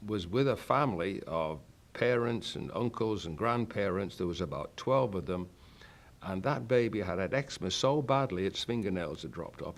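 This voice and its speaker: An older man preaching a sermon, telling a personal story in an emphatic, fervent way. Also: on the low side.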